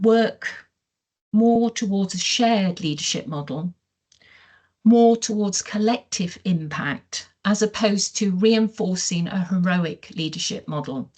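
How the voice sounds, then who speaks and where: Measured woman on an online panel. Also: medium pitch, a little mellow. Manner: measured, with frequent "uh" fillers.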